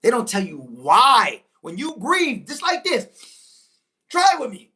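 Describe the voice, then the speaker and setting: Fairly high-voiced woman with an animated, swooping delivery; preachy motivational speaker who repeats lines and drags out key words. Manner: preachy, emphatic, repeats key lines, bursts into excited exclamations; slows right down on key phrases. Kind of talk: live-stream motivational talk.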